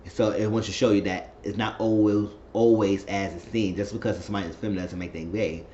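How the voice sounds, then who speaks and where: A man casually recapping a TV episode, rambling and animated. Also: fast. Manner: rambling, animated, mimics characters in falsetto. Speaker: TV recap vlogger. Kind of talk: casual review chat. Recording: echoey room, dull lo-fi sound, faint noise.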